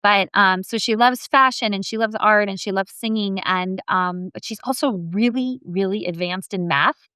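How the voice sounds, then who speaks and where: A woman guest on a podcast, chatting about family in a relaxed, proud, storytelling way. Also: medium pitch, moderate pace, hardly any pauses, clean tone, no room sound, clean studio sound. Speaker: interview guest, mortgage lending executive. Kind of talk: casual conversational interview.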